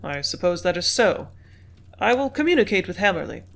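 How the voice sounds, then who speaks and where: A steady, businesslike male manager in an audiobook, measured and composed as he dictates. A reader voices him in a plain reading voice with a middle pitch. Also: creaky. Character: business-minded company manager, man.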